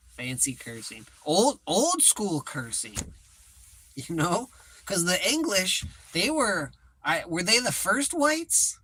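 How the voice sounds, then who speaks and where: A man's voice: on the high side, sharp tone. A man chatting casually and profanely on a livestream, rambling and joking at his own expense. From United States. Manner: rambling, profane, self-mocking. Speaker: livestream host. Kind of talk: casual live chat.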